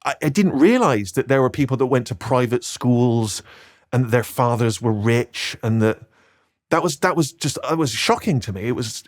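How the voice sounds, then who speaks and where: Middle-aged bristol guy with a west country accent, chatty guest, pokes fun at himself. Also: medium pitch. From England, Bristol. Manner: self-deprecating storyteller, slips into put-on voices. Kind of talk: casual chat.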